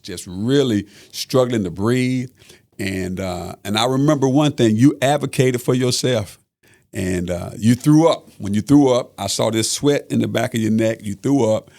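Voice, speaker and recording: A man's voice: lowish voice, gravelly, a little mellow. A middle-aged man recounting a family story on a podcast in an earnest way, repeating phrases and using many fillers. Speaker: father of the guest.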